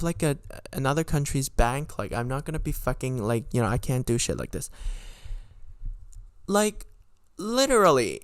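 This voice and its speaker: A man's voice: smooth, no echo, studio quality. Indignant young man ranting a story. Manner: animated, swearing, frequent pitch jumps when indignant. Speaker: podcast host. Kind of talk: storytime monologue.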